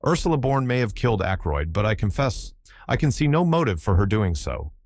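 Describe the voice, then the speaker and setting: A man's voice: lowish voice, sing-song, brisk, darkish tone, no room sound, studio quality. A man voicing a fussy, methodical older male detective who speaks in a precise, musing way. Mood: probing.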